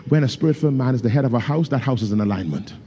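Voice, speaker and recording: A man's voice: mid-range voice, lively intonation, rapid-fire, warm tone, breathy edge. A man preaching a sermon, with fervent delivery and loose, casual grammar. He tells stories, calls out to his congregation and breaks into speaking in tongues. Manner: storytelling with call-outs to the congregation. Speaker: pastor.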